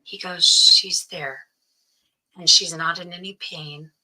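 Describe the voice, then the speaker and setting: A woman's voice: on the low side, steady tone, takes it slowly, bright, forceful tone, rough recording. A woman guest recounting a personal story in an interview, earnestly quoting what others said to her. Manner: earnest, quotes others' speech as she tells it.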